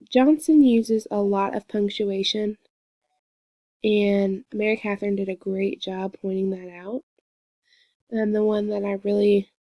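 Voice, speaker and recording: A woman's voice: medium pitch, dark tone, dry recording. Earnest young woman reviewing a book. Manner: earnest, reads quoted passages slowly with pauses. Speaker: student giving a peer review. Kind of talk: reading aloud and commenting on a book.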